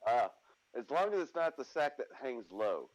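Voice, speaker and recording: A man's voice: mid-range voice, very animated, normal speed, low-quality recording. A man playing in a tabletop game, joking around and laughing often. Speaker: player. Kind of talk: casual tabletop play.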